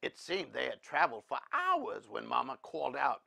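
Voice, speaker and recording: A man reading a storybook aloud in an animated, expressive way. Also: medium pitch, normal speed, creaky, few pauses, no room sound, studio quality.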